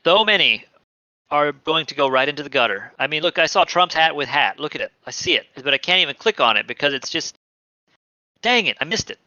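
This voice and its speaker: Bright-voiced man on a stream. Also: fairly high pitch, very animated, a little fast, no echo, lo-fi sound. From Texas. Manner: joking, reads screen text aloud. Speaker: podcast co-host. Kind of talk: casual streamed chat.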